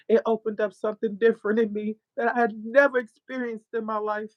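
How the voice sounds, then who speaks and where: A woman, a podcast guest and author, telling an animated, profane story of her faith. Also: fairly high pitch, brisk, no room sound, muffled recording. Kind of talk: casual testimony.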